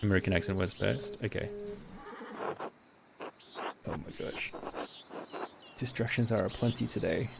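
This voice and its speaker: Gravelly-voiced male game streamer. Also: lowish voice, measured pace, pauses often, noisy background. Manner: chatty, joking asides. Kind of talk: casual live commentary.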